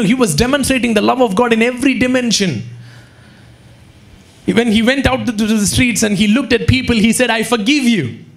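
A man preaching a sermon with an Indian English accent, animated, acting out quotes and breaking into sudden shouts. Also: high-pitched. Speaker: pastor. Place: church hall.

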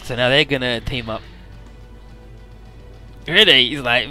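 Bright-voiced casual game commentator, man. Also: mid-range voice, measured pace, soft background music. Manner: loose, irreverent retelling full of swearing and filler words. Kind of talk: casual let's-play story recap.

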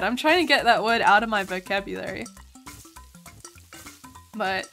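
A woman's voice: medium pitch, normal speed, vocal fry, soft background music. A woman with an Australian accent streaming a game, commenting casually, swearing often and breaking into sudden yelps and laughs. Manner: excitable, swears a lot, bursts into yelps and laughs.

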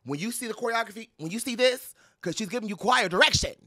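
A young man with a high, lively voice that swoops all over as he riffs on pop culture, sassy and dramatic. The sound is close and dry, with no room around it. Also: no room sound. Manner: sassy, dramatic, playful with quick laughs and mock quotes. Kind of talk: animated casual commentary to camera.

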